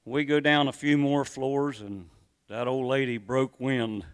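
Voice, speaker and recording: Slow, deadpan male joke teller. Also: mid-range voice, clean tone. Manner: drawn-out, deadpan punchline delivery. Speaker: contestant storyteller. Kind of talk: comic joke telling.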